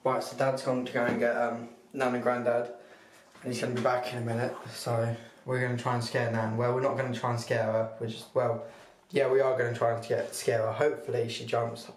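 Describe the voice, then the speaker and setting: A man's voice: mid-range voice, level tone, fairly quick. A young man hosting a casual family vlog, rambling with restarts and fillers. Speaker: vlogger. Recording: echoey room with faint noise.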